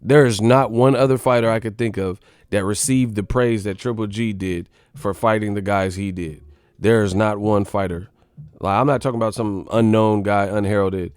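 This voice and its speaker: A man's voice: lowish voice, steady tone, moderate pace, darkish tone, clean tone, dry recording, studio quality. A man doing a profane, mocking casual rant about boxing as the show's commentator. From United States.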